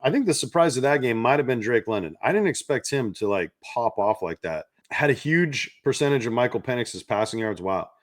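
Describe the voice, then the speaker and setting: A man's voice: medium pitch, expressive, fairly quick, few pauses, dry recording, clean studio sound. A man hosting a sports betting show, talking in a hyped, salesy way and repeating his points. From not from the South. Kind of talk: energetic betting-picks monologue.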